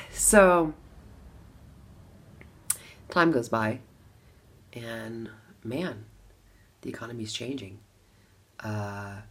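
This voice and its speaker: A middle-aged woman from Las Vegas telling a personal story to camera, animated, with bursts of laughter between lines. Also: extremely low pitch, creaky. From Las Vegas, USA. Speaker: vlogger.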